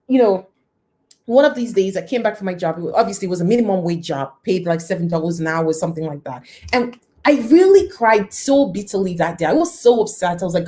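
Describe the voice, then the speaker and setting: A woman in her thirties shares a personal turning point with viewers of her live stream. Her voice sits on the higher side, and she lets it jump up for emphasis and drop low for the quiet moments. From lives near Toronto. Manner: animated, greets viewers by name, dramatic pitch swings.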